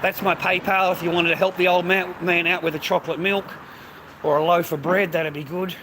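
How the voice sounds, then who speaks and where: A man's voice: high voice, little pitch movement, brisk, pushed and bright, slight background noise. Foul-mouthed Australian man rambling on the street. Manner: crude, swears constantly, says mate after every line. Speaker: vlogger. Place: outdoors on city streets.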